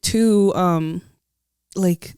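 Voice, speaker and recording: A young woman co-hosting a podcast, telling a story in a chatty casual way, full of "like" and quick laughs. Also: fairly low pitch, mellow, smooth, dry recording, studio quality. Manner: chatty, lots of likes, laughs as she tells a story. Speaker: podcast co-host.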